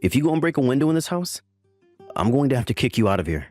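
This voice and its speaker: A man's voice: mid-range voice, sing-song, quick pace, darkish tone, soft background music. A man voicing a defensive husband who pretends to be a success, pleading and making excuses, in a text-story dramatization.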